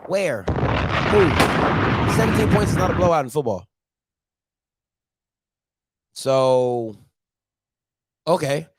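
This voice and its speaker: A man's voice: fairly high pitch, very animated, slow pace, pauses often, slightly rough. A man hosting a casual football recap, ranting and talking straight to his viewers. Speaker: sports show host.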